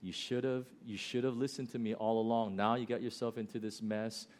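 A man's voice: lowish voice, flat delivery, a little fast, darkish tone, natural voice. A man doing a stern, scolding God. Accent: American.

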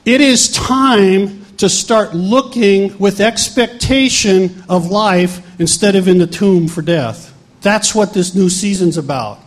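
A man's voice: high-pitched, slow. A middle-aged male pastor telling a healing story in a sermon, acting out the people he quotes. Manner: animated, acts out quoted voices.

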